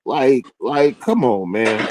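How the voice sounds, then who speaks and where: A man talking casually about football on a talk show, laid-back and soft-spoken, a little hurt. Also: medium pitch, animated, slow, dry recording, rough recording. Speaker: show co-host.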